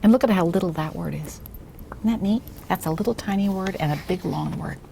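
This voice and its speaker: A woman demonstrating a reading lesson with a young child, speaking slowly and encouragingly, often softly or in a whisper. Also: fairly low pitch, gravelly, background noise. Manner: patient, slow, encouraging, drops to soft whispers. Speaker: reading tutor trainer.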